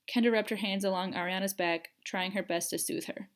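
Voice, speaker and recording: Expressive woman reading a story aloud. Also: mid-range voice, brisk. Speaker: audiobook narrator. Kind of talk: fan fiction audiobook reading.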